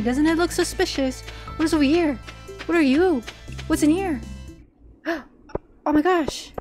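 Eine Frau, die locker und aufgeregt ein Spiel kommentiert, oft nach Luft schnappt und kichert. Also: female voice, sits high, poor audio. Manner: excitable, gasping and giggling often. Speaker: gaming channel host. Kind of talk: casual gameplay commentary. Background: soft game music.

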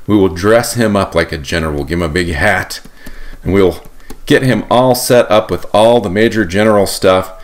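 A group of sly male congressmen, practical and scheming, talking each other round in wheedling, conspiratorial tones, played by a man. They sound like characters in a storybook. The voice is fairly low. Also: normal speed, close to an everyday voice.

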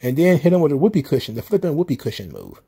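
A man's voice: on the high side, huge pitch swings, racing, vocal fry, warm tone, breathy edge. A man hosting a solo recap show, ranting in an exasperated, profane, casual way. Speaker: wrestling commentary host.

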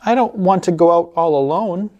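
A woman's voice: on the low side, normal speed, a little mellow, dull audio, pitched above the performer's own voice, close to an everyday voice. A woman reading aloud, voicing an eager little boy in a picture book.

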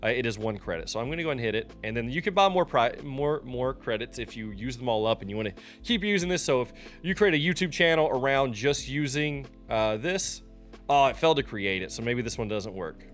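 A man talking through a software tutorial in a casual, loose way, often pausing with ums and restarting his sentences. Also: medium pitch, lively intonation, soft background music. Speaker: streamer teaching a software tutorial. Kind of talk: casual screen-recorded tutorial.

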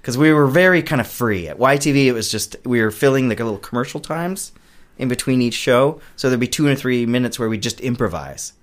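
Interview guest: a man, casual and animated, rambling answers that trail off. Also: mid-range voice, fairly quick. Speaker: guest, puppet show creator.

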